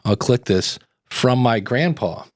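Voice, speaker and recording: A man's voice: mid-range voice, lively intonation, unhurried, a little hiss or hum. Chatty male podcast co-host telling stories. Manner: storytelling, chatty, self-interrupting. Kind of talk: casual podcast chat.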